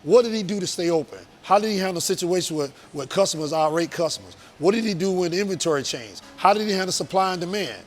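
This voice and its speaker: Man, high voice, earnest business guest, motivational and emphatic. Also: animated, fast talker, hardly any pauses, faint music behind. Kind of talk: casual interview talk.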